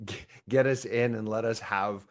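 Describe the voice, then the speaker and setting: A man hosting a podcast in a casual, conversational interview. He is animated and often laughs. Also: on the low side, normal speed. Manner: animated, playfully acts out imagined dialogue; frequent restarts and laughter. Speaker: podcast host.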